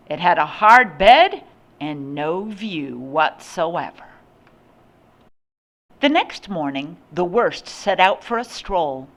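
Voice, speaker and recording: An older woman reading a picture book aloud with slow, expressive storytelling. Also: on the low side. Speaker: storybook reader.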